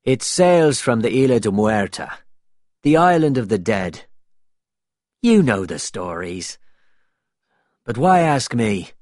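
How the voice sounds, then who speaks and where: A man's voice: mid-range voice, very animated, slow pace, pauses often, darkish tone, dry recording. A man reading aloud voices a sly pirate captain who speaks in a dry, teasing way.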